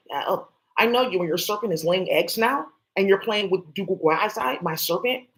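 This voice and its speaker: A woman's voice: mid-range voice, animated, normal speed, a bit bright, rough recording. A woman on a livestream ranting in an agitated, profane way and answering voices that no one else hears. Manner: agitated, profane, talks back at unseen voices. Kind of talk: rambling livestream rant.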